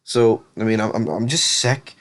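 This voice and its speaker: A man's voice: on the low side, moderate pace, fairly bright tone. A man hosting a casual TV episode review, rambling and blunt with lots of fillers. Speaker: TV review host.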